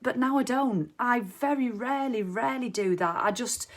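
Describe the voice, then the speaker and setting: A woman's voice: on the high side, moderate pace. A woman giving a casual motivational monologue, chatty, swearing freely and acting out everyday scenes. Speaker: motivational vlogger.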